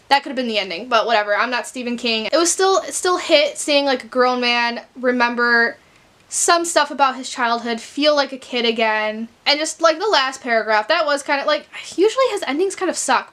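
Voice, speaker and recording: A woman's voice: fairly high pitch, pushed and bright. A young woman from Chicago chatting casually in a book vlog, rambling and filling her talk with "like", teary at times. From Chicago, USA. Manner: rambling, frequent fillers like "like". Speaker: book vlogger.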